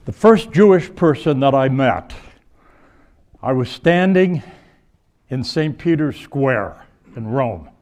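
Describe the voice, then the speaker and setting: Older bishop, rambling lecture. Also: male voice, mid-range voice, lively intonation, slow, long pauses. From United States. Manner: rambling, self-correcting, warm anecdotal. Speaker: bishop giving a conference talk. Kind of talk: storytelling lecture. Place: conference hall before an audience.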